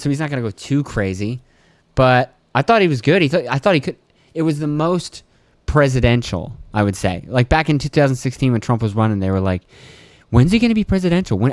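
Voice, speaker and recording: A man's voice: mid-range voice, no echo. A young man hosting his own podcast, rambling casually with lots of swearing and chuckles. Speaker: podcast host. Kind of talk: casual solo podcast rant.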